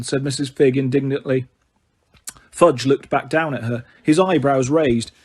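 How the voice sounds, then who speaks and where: A man's voice: on the high side, normal speed, darkish tone, husky. A man reading an audiobook aloud as narrator, telling the story steadily.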